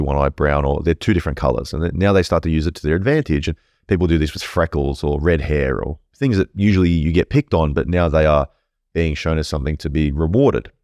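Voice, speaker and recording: Male guest, very low voice, candid and foul-mouthed, dry close-mic sound. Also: a little mellow, dry recording. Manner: swears freely, rambling and candid. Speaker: podcast guest. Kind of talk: casual storytelling.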